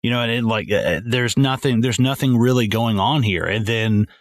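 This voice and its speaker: A man hosts a casual podcast about a film. He rambles, swears freely and keeps restarting his thoughts, with his voice at an ordinary middle pitch. The recording is close and dry. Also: moderate pace, no echo. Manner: rambling, profane, many restarts. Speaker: podcast host. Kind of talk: casual movie discussion.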